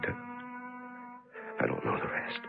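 An actor playing a frightened male prisoner alone in a dark cell, muttering to himself in halting bursts between panic and hush, in an old radio drama. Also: close to an everyday voice. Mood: rambling. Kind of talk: 1950s radio drama acting. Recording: lo-fi old radio recording with music.

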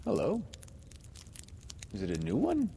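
A high, insistent boy who never grew up, lively and sweeping across his range, as a man reading a storybook puts him on. The voice carries a long reverb, with faint noise behind it. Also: a little slow, vocal fry, heavily acted. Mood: eager. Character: eager boyish Peter, a never-grown boy.

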